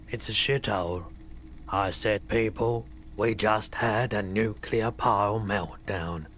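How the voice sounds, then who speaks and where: A man's voice: fairly low pitch, fairly bright tone, slight background noise. An actor playing a weary, bitter male pawnbroker in a video game, telling a grim story in a somber, resigned way.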